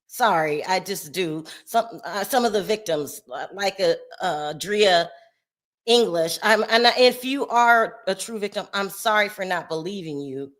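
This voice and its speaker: A woman hosting a casual live stream from home, upset and shaky, rambling between loud outbursts and sighing murmurs. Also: mid-range voice, animated, measured pace.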